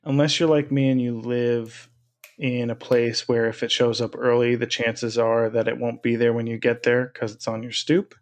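A man's voice: medium pitch, flat delivery, moderate pace. A man co-hosting a podcast, chatting casually and rambling with restarts. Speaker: podcast co-host. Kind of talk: casual chat.

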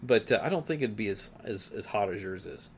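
A man's voice: fairly low pitch, lively intonation, fairly quick, breathy edge. A man co-hosting a podcast, rambling casually with restarts and easy laughs. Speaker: podcast co-host. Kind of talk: casual chat.

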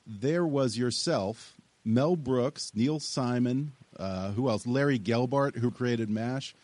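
A man's voice: mid-range voice, takes it slowly, darkish tone, no room sound. Guy hosting an interview, curious, laughs along, dry close sound. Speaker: host. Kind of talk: casual interview.

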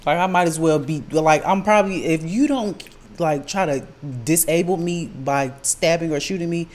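A podcast co-host chatting casually in a relaxed, wry way and reading show plugs. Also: mid-range voice, normal speed. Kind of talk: casual chat.

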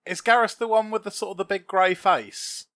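A man's voice: high-pitched, normal speed, bright, forceful tone, clean tone, dry recording. A man co-hosting a podcast, trading dry jokes in casual banter. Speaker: podcast co-host. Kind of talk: casual chat.

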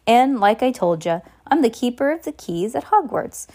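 A woman voicing a gruff, hulking giant man who is blunt and hot-tempered, speaking in booming, rough speech. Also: lively intonation, normal speed, darkish tone.

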